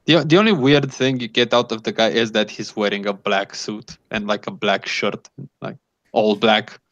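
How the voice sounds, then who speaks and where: A man's voice: fairly low pitch, fairly even intonation, moderate pace, a bit bright, no room sound. A man narrating as game master of a tabletop role-playing game in a loose, casual way, on a dull lo-fi recording. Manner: loose, casual, rambling with fillers. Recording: dull lo-fi sound.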